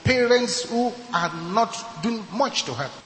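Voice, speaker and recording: A man's voice: high voice, animated, slow, fairly bright tone, a little hiss or hum. A Nigerian man preaching a sermon as pastor, emphatic and repeating his key points. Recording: echoey hall with long reverb.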